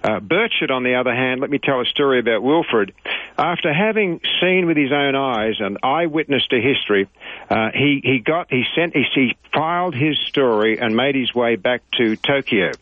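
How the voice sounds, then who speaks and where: A man's voice: medium pitch, animated, moderate pace, no room sound. A man from Australia, a radio interview guest telling stories in a digressive, self-correcting way. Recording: phone-line radio call.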